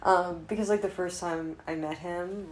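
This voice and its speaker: A woman chatting casually to camera at home, rambling and swearing, swinging from hushed whispers to loud outbursts. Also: lowish voice, fairly even intonation, normal speed, a little hiss or hum. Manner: rambling, profane, drops to whispers then gets loud. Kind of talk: casual vlog chat.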